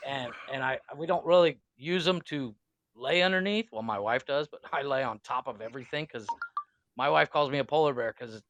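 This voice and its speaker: A man's voice: mid-range voice, a little fast, noisy background. A young man from Ohio, co-hosting a podcast in casual, profane, joking banter and laughing often. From Ohio, USA. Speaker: podcast co-host.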